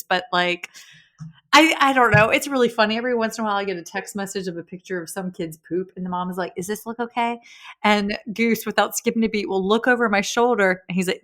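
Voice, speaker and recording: Woman, thirties, podcast host, effusive, giggly, bright tone, home recording. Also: mid-range voice, a little fast. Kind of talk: casual interview chat. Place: kitchen table at home.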